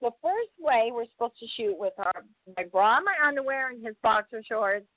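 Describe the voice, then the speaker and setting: An actress guest in a casual interview, telling a profane story in an animated way, with laughs. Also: female voice, fairly high pitch, moderate pace, dry recording. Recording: dry, tinny phone-like sound.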